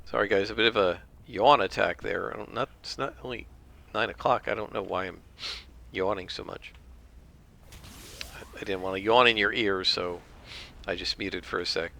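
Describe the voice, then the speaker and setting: A man's voice: on the low side, normal speed, vocal fry, pauses often, pushed and bright, slight background noise. A man hosting a casual solo podcast, rambling and opinionated as he comments on a list. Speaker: podcast host.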